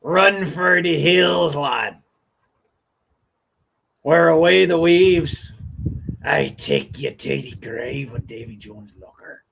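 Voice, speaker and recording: A man's voice: on the high side, very animated, takes it slowly, gravelly, pauses often, a bit bright, breathy edge, exaggerated voice. A man putting on the voice of a boisterous, bloodthirsty pirate captain, growling stock pirate talk. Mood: swaggering.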